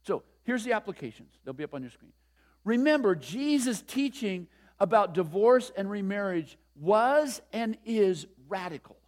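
A man's voice: high-pitched, very animated, moderate pace. A man in his sixties preaching a conversational sermon, stressing points and asking the congregation questions. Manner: conversational, emphatic, asks the room questions. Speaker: pastor.

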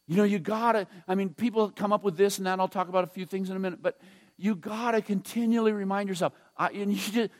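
An older man preaching a sermon in a church, his voice sitting high for a man. He talks in a loose, conversational way, restarting phrases and sinking to a near hush at tender moments. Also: fairly even intonation. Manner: conversational, halting with restarts and fillers; drops to a soft hush when emotional. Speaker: pastor.

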